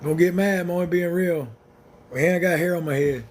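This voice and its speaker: A man chats on a livestream in a blunt, rambling, joking way. His voice sits a little high for a man, with faint ambience in the background. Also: steady tone, fairly quick, a little hiss or hum. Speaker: livestream host. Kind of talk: casual livestream chat with viewers.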